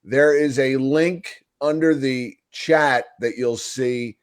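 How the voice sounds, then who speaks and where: A hoarse man with a New York accent co-hosting a casual fan podcast, telling stories in an animated way. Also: medium pitch, takes it slowly. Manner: animated storyteller, hoarse from yelling. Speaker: podcast co-host. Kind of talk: casual hockey fan chat.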